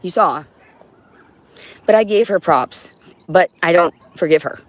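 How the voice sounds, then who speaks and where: A woman's voice: lowish voice, measured pace, no room sound. A woman on a livestream in an agitated, profane, rambling monologue, now and then talking to her cat.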